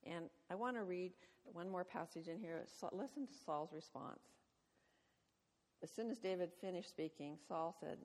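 A woman's voice: fairly low pitch, normal speed, a little mellow. A woman retelling a Bible story to her study group, chatty and humorous, laughing at her own jokes. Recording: long reverb of a hall.

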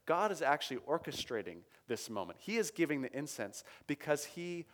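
A man's voice: on the high side, very animated, brisk. A man preaching a sermon, teaching through scripture in a conversational way, reading verses aloud with emphasis and checking in with his listeners.

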